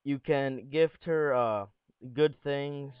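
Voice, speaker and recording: A man's voice: medium pitch, slow pace, clean tone, no room sound, phone-quality sound. Young man with jokey game commentary. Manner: jokey, rambling, showman intro. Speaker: gaming commentator.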